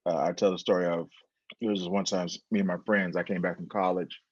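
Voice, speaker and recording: A man in his fifties with a low-pitched voice tells his story as an interview guest, lively and acting out quoted dialogue. The sound is dry and close, with a dull, muffled lo-fi quality. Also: fast, no echo. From San Diego, USA. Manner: animated, acts out quoted dialogue. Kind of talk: conversational storytelling.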